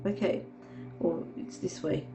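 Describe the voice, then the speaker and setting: A woman's voice: unhurried, mellow, faint music behind, poor audio. A woman with a nasal, stuffed-up voice from a cold gives a rambling tarot reading, often checking in with "okay". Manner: meandering, reassuring, frequent "okay". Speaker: tarot reader. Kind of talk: casual tarot reading to camera.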